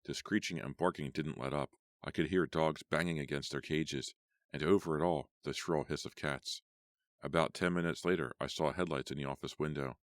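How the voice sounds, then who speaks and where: Brief: male audiobook reader, extremely low voice, dry close sound, measured telling. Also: fairly even intonation, no room sound. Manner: measured storytelling. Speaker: audiobook narrator. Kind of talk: first-person horror audiobook narration.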